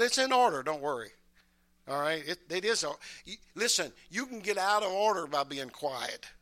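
A man preaching a sermon as bishop, folksy and repeating himself, dropping to quiet asides and rising to loud shouted praise with calls of amen. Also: high voice. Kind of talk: Pentecostal-style sermon.

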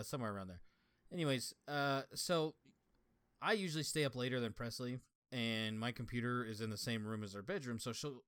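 A man's voice: mid-range voice, fairly bright tone, clear, resonant tone, no room sound. A young man co-hosting a podcast, telling rambling stories in casual chat and swearing often. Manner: rambling storytelling with frequent swearing. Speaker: podcast co-host.

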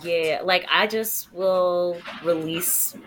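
A woman's voice: fairly low pitch, steady tone, drawn-out words, a bit bright. A woman co-hosting a casual podcast, talking frankly and self-assuredly and laughing often. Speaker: podcast co-host.

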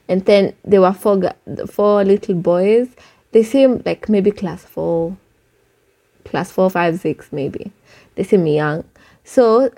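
A young Kenyan woman hosting a laid-back podcast, talking in an animated way and swearing freely. Her voice sits at a middle pitch. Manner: animated, swears freely, mixes English and Sheng. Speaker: podcast host. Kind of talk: casual chat.

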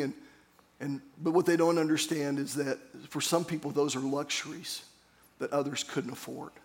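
A man's voice: on the high side, level tone, normal speed, darkish tone. A man pastor preaching a sermon, earnest and storytelling, calling on the congregation to repeat phrases after him.

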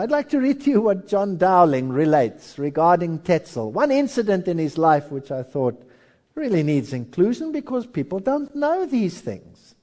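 A male preacher delivering a sermon in a storytelling way, acting out voices as he tells history. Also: high-pitched. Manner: storytelling, animated, acts out voices.

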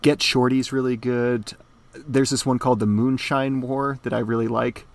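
A man co-hosting a podcast, talking in an easygoing, measured way in casual chat. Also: medium pitch, flat delivery, creaky. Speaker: podcast co-host.

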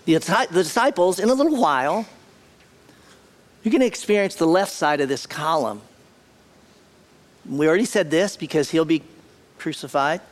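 A man giving a sermon in a chatty, conversational style, circling back on words for emphasis. His voice sits a little higher than most men's, and he keeps checking in with the congregation. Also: expressive, moderate pace, long pauses. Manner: conversational, repetitive, questions the congregation. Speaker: pastor.

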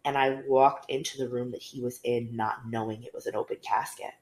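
A woman's voice: very deep voice, fairly even intonation, brisk, a little mellow. Young woman podcaster, candid and chatty, echoey room. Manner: candid storytelling, many fillers. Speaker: podcast co-host. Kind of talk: casual conversation. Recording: roomy echo.

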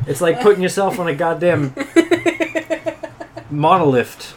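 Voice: medium pitch, unhurried, pauses often, background noise. A player at a tabletop game who swears freely and jokes in an exasperated way.

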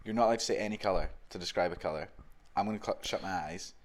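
A young man co-hosting a loose, jokey podcast. His voice sits a little low, and his delivery is easygoing. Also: very fast. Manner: laid-back, joking, puts on silly voices. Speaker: podcast co-host. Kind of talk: casual chat.

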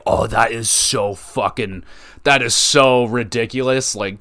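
Young male podcast host, rambling sports fan, swears freely, excitable, medium pitch. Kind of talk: casual solo podcast talk.

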